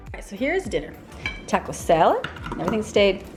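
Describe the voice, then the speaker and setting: A homeschooling mother in her thirties narrates her day in a casual vlog, moving through chores in the car, at home and in the kitchen. Her mid-range voice is very animated and brisk, recorded on a handheld camera with music underneath.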